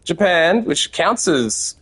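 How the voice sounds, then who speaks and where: Very animated yet slow, the Australian streamer's voice sits on the high side, fairly bright and slightly rough. While playing a card game, he chats with viewers, swearing freely in casual commentary.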